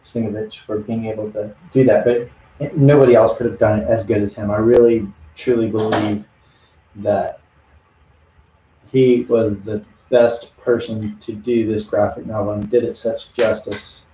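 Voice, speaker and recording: Middle-aged male artist, rambling live-stream chatter, mellow voice, roomy dull lo-fi sound. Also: on the low side, level tone, moderate pace, slight background noise. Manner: rambling, chatty, talks to viewers between brushstrokes. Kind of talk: casual live-stream chat while painting. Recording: dull lo-fi audio in an echoey room.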